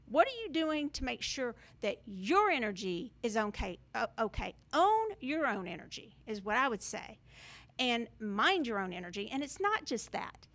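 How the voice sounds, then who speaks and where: A woman's voice: fairly high pitch, very animated, normal speed, fairly bright tone. A woman hosting a spiritual talk to camera, emphatic and sarcastic, slipping into mocking quotes. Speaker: spiritual video host.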